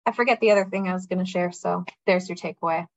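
A woman's voice: lowish voice, steady tone, quick pace, dry recording, lo-fi sound. A woman coaching a group on a video call, direct and encouraging as she guides a participant.

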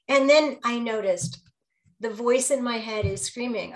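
A woman in her thirties or forties, a business coach leading a group workshop, speaking in a lively way, acting out bits of dialogue and often checking in with "right?". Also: on the high side, moderate pace.

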